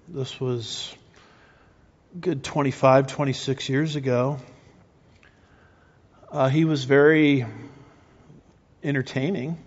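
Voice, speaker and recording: A middle-aged man preaching emphatically, asking rhetorical questions and restarting his phrases. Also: medium pitch. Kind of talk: sermon-style teaching. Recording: muffled recording with long reverb.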